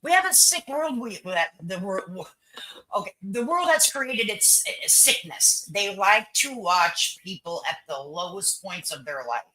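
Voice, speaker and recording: Older woman, livestream host, blunt and opinionated, very bright sharp voice, lively swooping pitch. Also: unhurried, low-quality recording. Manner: blunt, opinionated, repeats herself, swears. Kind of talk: casual chat with viewers.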